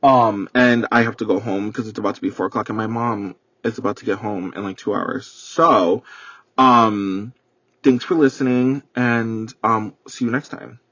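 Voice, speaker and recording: Young male podcast host, dramatic foul-mouthed rambler, slightly husky voice, dull dry recording from a car. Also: on the low side, normal speed, a bit bright, dry recording. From New York. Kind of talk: casual solo storytelling rant. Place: parked car. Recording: dull, muffled sound.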